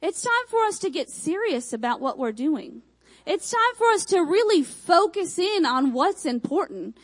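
A young woman from Michigan with a Texan accent, preaching a sermon with emphatic repeated phrases and quick asides. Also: very high voice, very animated, poor audio.

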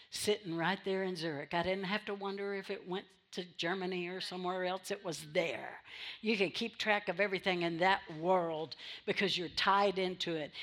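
A woman's voice: lowish voice, a bit bright. A woman pastor preaching a sermon in church, repeating phrases for emphasis and drawing amens from the congregation.

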